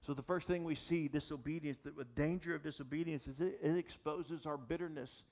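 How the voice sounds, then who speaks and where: A man's voice: a little high, fairly even intonation, fairly quick, hardly any pauses, a little mellow. A man preaching a sermon as pastor, talking animatedly with frequent restarts and asides to the audience. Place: church or gathering space for young adults.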